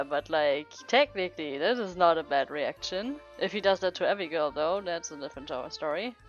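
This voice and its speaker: A woman with a slightly low voice reading a romance game aloud and chatting between lines. She giggles and interrupts herself often. The sound is muffled and lo-fi, with faint music behind. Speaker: game streamer. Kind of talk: casual let's-play commentary and read-aloud.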